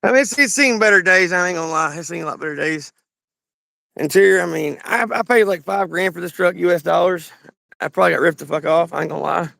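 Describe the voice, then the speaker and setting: A high-voiced man with a gravelly edge and a Southern Kentucky drawl shows viewers around his garage. His talk is loose, rambling and full of swearing and jokes. The sound is dry and close. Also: quick pace, pushed and bright, no echo. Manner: rambling, profane and joking. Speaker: garage channel host. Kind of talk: casual garage walkthrough.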